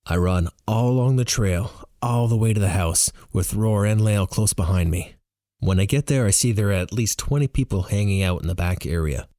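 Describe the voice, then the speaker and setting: Low-voiced man reading an audiobook. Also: moderate pace, dry recording, studio quality. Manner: animated, expressive reading. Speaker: audiobook reader. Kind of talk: first-person audiobook narration.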